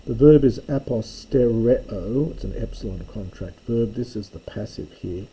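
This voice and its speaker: A man teaching a slow reading lesson, explaining each word in turn with frequent pauses and fillers. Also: on the low side, warm tone, breathy edge, poor audio. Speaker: Greek teacher.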